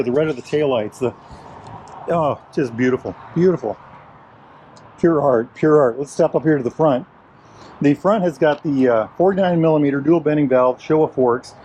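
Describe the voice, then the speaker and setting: A man's voice: medium pitch, mellow, slight background noise. An older man reviewing a motorcycle outdoors in a casual, enthusiastic style. He keeps repeating his praise. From United States. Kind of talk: casual review walk-around. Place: outdoors at a motorcycle dealership lot.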